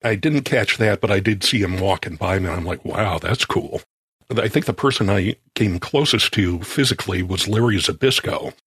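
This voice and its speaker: A man's voice: deep voice, breathy edge, dry recording. A man co-hosting a casual podcast, speaking hesitantly with many restarts. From California. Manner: halting, soft-spoken, lots of restarts. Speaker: show producer and co-host.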